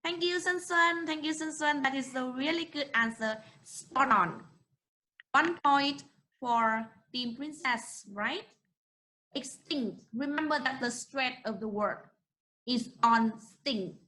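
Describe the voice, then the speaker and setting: A young woman with a Vietnamese accent teaching an English class online, encouraging and slowly modeling words for students to repeat. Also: high-pitched, bright, forceful tone, poor audio.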